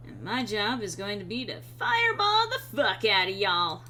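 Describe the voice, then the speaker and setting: A woman streamer chatting casually over gameplay, reading chat aloud, frank and quick to swear. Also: medium pitch, huge pitch swings, sharp tone, slight background noise.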